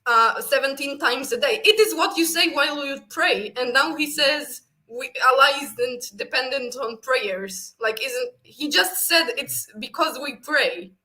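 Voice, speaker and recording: A woman's voice: high voice, measured pace, hardly any pauses, bright, forceful tone. A woman co-hosting a debate chat, explaining carefully and searching for words.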